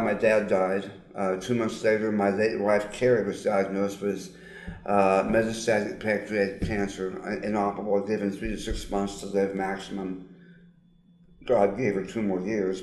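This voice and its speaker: Brief: older man with lowish voice and slightly altered diction from surgery, earnest testimony, roomy echo. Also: darkish tone. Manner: earnest, emphatic, with frequent pauses and fillers. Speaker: guest, psychologist. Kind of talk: personal testimony in an interview.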